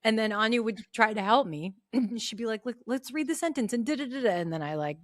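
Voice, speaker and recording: A woman's voice: fairly quick, no echo. A middle-aged woman co-hosting a casual podcast, telling stories and acting out quotes. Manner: animated storyteller, acts out quotes in a high voice. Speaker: podcast co-host. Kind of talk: casual chat.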